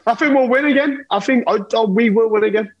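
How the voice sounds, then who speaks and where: A man's voice: very high voice, fast talker, muffled recording, a crowd in the background. A man chatting casually as a fan panelist, eager and emphatic about his team. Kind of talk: casual chat.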